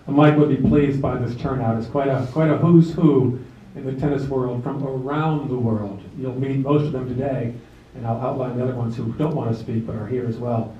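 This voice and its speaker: A man speaking to a seated crowd in a club hall, easygoing and folksy, with light jokes and fillers. His voice is mellow and dark. He sounds distant from the mic, the room is echoey, and the dull recording has a faint hiss. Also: mid-range voice, steady tone, moderate pace. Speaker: officiant of a memorial service. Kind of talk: public address at a memorial. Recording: roomy, distant, dull amateur video.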